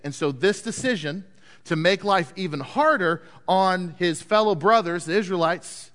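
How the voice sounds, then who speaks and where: A man with a high voice preaches, retelling a Bible story in an animated way and putting questions to his listeners. His voice carries a long reverb, as in a large hall. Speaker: pastor teaching a Bible story. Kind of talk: sermon.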